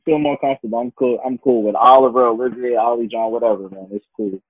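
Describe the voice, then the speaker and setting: A man's voice: mid-range voice, fairly even intonation, fast, husky, no room sound, narrow, tinny audio. A man guesting on a podcast, talking in a laid-back, slangy, grateful way. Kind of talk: casual interview chat.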